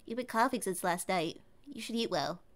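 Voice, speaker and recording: A woman's voice: medium pitch, animated, moderate pace, pitched below the performer's own voice, natural voice. A woman voicing a young male stray cat in a game, cutesy and earnest, telling his past. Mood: pleading.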